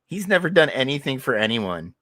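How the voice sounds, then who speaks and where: A man's voice: mid-range voice, very animated, fairly quick, a bit bright, dry recording. A man co-hosting a podcast, telling crude jokes and stories with lots of laughter. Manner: laughing, joking storyteller. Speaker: podcast co-host. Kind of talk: casual crude podcast chat.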